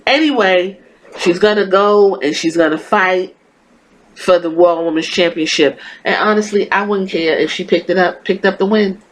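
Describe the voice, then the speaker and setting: A woman's voice: fairly low pitch, moderate pace, poor audio. A woman hosting a podcast, giving a casual wrestling review in a blunt, profane, exasperated and sarcastic rant. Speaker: podcast host.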